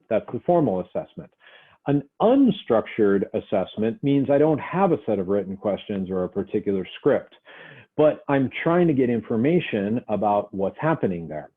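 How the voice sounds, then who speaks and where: A male instructor giving a conversational lecture, acting out short example dialogues as he teaches. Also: mid-range voice. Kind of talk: recorded lecture. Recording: tinny phone-like audio.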